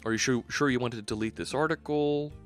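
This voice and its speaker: A man's voice: mid-range voice, brisk, faint music behind. A man hosting a live coding stream, chatting casually and upbeat, rambling and restarting his sentences. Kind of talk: casual livestream chat while coding.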